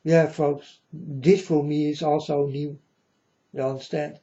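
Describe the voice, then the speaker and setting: With a dark but fairly high-pitched voice and a level tone, a self-styled prophet talks slowly to his viewers. He repeats himself, preaches, and keeps calling the audience folks in his rambling religious monologue, captured in dull lo-fi sound.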